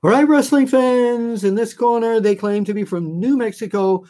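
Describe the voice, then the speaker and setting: A man imitating a booming old-time male ring announcer, drawing out each word in a bellowing announcement. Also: normal speed, dark tone. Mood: announcing.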